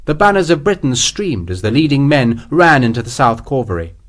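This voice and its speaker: A man's voice: medium pitch, very animated, brisk. A man reading an audiobook as its narrator in a dramatic, vivid way. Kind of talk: scripted narration.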